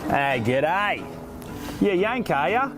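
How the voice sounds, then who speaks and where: A man's voice: high-pitched, very animated, slow, exaggerated voice. An actor playing a laid-back, rambling Australian bushman who gives directions in heavy slang. He has an Australian accent. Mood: easygoing. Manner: rambling, folksy, full of slang. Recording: music playing over the voice.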